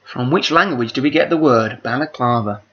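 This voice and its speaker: A man's voice: mid-range voice, moderate pace. A man hosting a charity quiz over a video call, chatty and rambling, reading out each question twice. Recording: dull lo-fi call audio.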